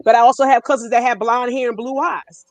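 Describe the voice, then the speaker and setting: A woman's voice: a little high, steady tone, fast, dry recording. A middle-aged woman from Brooklyn with a New York–North Jersey accent, telling stories animatedly and emphatically as a panel guest. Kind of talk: casual panel discussion.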